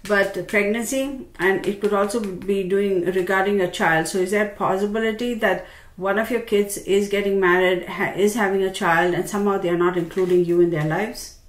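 A woman giving a casual tarot reading, chatty and expressive, talking straight to the viewer. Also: mid-range voice, normal speed. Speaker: tarot reader. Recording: roomy with faint background noise.

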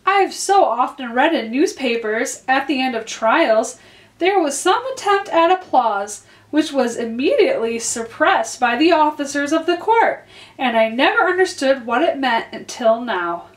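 A woman's voice: high-pitched, animated, measured pace, pitched above the performer's own voice. A woman voicing an earnest young girl. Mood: musing. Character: young girl, meek then bold. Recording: roomy echo.

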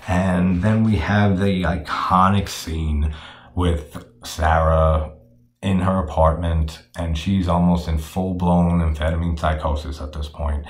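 A man's voice: sits low, little pitch movement, measured pace, a little mellow, echoey room. A man casually recapping and discussing a film, rambling and profane, with frequent fillers. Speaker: horror film discussion host.

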